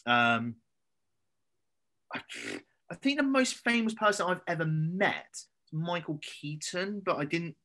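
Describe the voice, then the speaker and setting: A man's voice: on the high side, expressive, a little slow, pushed and bright. A man, a personal trainer guesting on a podcast, sweary and hesitant with lots of ums. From England. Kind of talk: casual podcast chat.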